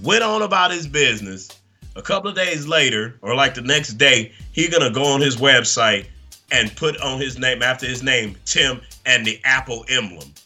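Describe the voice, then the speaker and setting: A man's voice: mid-range voice, moderate pace, pushed and bright, soft background music. A man hosting a comedy podcast segment, delivering a profane, mocking rant.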